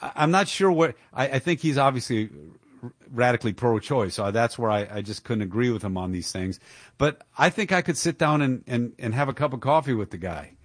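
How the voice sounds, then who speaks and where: A man's voice: mid-range voice, expressive, brisk, dry recording, studio quality. A man hosting a political talk radio show, speaking in an indignant, emphatic way with occasional chuckles.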